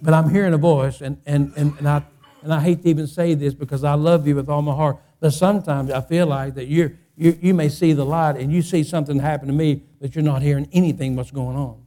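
A man pastor preaching a sermon, often repeating and restarting phrases and climbing to loud, impassioned peaks. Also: on the high side, steady tone, brisk.

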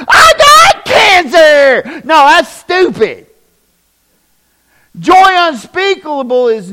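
Animated middle-aged man preaching. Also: very high voice. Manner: animated, folksy and joking, addresses congregation directly. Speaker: pastor. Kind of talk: sermon. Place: church.

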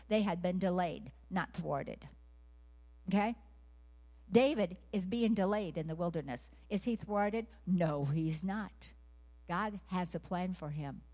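A woman preaching a sermon to a women's gathering, asking the audience earnest questions and leading them in call and response, sometimes dropping to a hushed whisper. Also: medium pitch.

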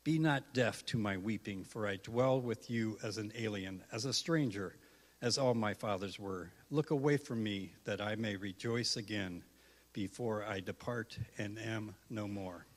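A man reading a psalm aloud in a measured, solemn way. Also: on the low side, long reverb tail. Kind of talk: scripture reading.

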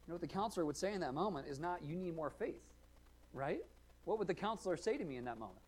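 A male pastor preaching a sermon, earnest, asking rhetorical questions, rising to emphatic points and dropping to quiet asides. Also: on the high side, sing-song, fast, slightly rough, rough recording. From United States.

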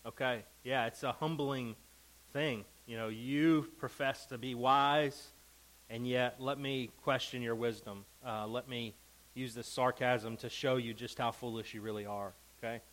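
A man's voice: mid-range voice, steady tone, measured pace, fairly bright tone, low-quality recording. A man teaching a Bible lesson to a class. He reads scripture with emphasis and keeps checking in with the group.

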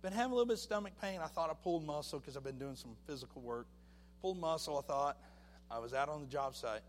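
Man sharing a personal testimony, mid-range voice, lively storytelling with acted-out voices; faint hum under the recording. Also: mid-range voice, big-room sound. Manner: animated storytelling, acting out voices. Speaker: church testimony speaker.

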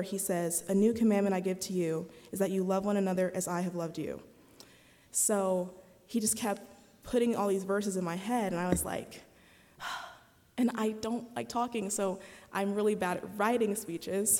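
A woman's voice: medium pitch, steady tone, moderate pace, darkish tone. A young woman of eighteen tells a personal faith story in a chatty, candid way, full of fillers and retold conversations. She speaks to a chapel audience. Her voice rings with the long reverb of the hall. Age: 18, young adult. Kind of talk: personal testimony talk.

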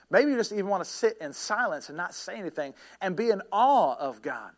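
A man preaches a sermon in an earnest, searching way, pausing often, restarting phrases and filling gaps with small fillers. His voice sits a little high for a man. When he tells a story it sometimes climbs to a shout. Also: sing-song. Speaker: pastor.

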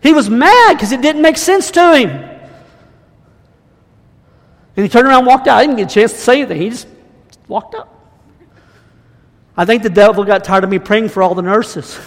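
A man's voice: very high-pitched, animated, moderate pace, pauses often, fairly bright tone. A man preaching and declaring over a congregation in a fervent, repetitive style. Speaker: guest preacher. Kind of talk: sermon and prophetic declaration. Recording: hall reverb.

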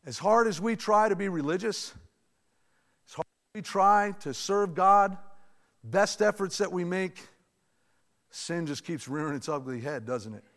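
Male pastor, high voice, chatty animated preaching, big reverberant church. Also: measured pace, long pauses. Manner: animated, conversational preaching with asides to the congregation. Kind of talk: sermon. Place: church sanctuary. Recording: long reverb of a large hall.

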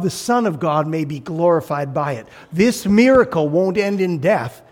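A man preaching a sermon as pastor, animated, acting out voices and shouting for emphasis. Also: a little high, normal speed.

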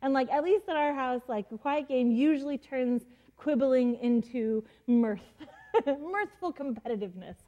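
A woman's voice: sits high, lively intonation, a little slow, phone-quality sound. A woman, a mother, teaching a Bible story in a casual, chatty way, full of fillers and acted-out quotes. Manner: chatty, many fillers, laughs often, acts out quotes.

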